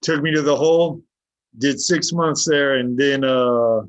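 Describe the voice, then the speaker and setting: A man appearing as a podcast guest tells a story in a mid-range, slightly slow voice, blunt and cursing freely as he acts out what others said to him. The recording is dull, lo-fi and dry, with no echo.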